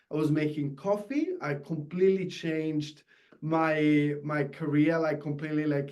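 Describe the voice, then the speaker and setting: Excitable Italian man, halting speech. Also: on the high side. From Italy. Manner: enthusiastic, halting with many restarts. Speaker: guest, tailor. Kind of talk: casual interview.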